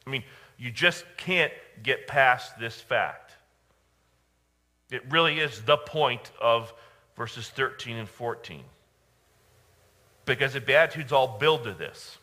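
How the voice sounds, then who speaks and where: A male pastor preaching a sermon, emphatic, with dramatic pauses and repeated phrases. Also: medium pitch, pushed and bright. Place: church.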